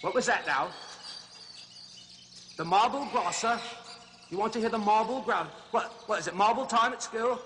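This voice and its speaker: Jolly chattering zookeeper host, out of breath, high bright voice, TV comedy sketch, faint music under him. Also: male voice, moderate pace, pauses often, slight background noise. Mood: chummy. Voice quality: chummy, chattering, chuckling. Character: jolly blustering male zookeeper safari host. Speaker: zoo film host.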